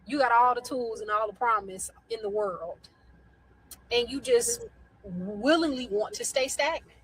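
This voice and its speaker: A woman's voice: a little high, measured pace, a bit bright, slight background noise, poor audio. A woman on a podcast giving emphatic, frustrated opinions in a ranting manner.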